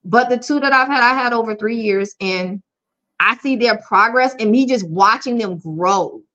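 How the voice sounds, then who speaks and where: A woman's voice: on the high side, normal speed, pushed and bright. Frank, down-to-earth woman coach, lo-fi. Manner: frank and down-to-earth, speaks openly. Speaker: life coach, interview guest. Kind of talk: candid conversational interview. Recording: dull lo-fi audio.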